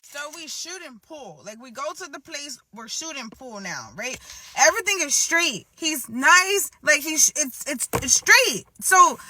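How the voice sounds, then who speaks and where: A woman's voice: sits high, expressive, unhurried, sharp tone. A woman telling a casual storytime in a played clip, rambling and acting out what others said. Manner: rambling, restarts and quotes others.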